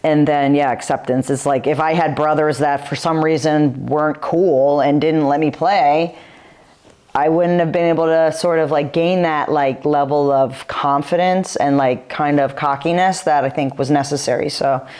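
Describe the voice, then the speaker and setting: A woman's voice: low-pitched, fairly even intonation, normal speed, darkish tone. A woman in her forties, a retired pro footballer, telling stories as a guest in a podcast interview, talking in a chatty, filler-heavy way.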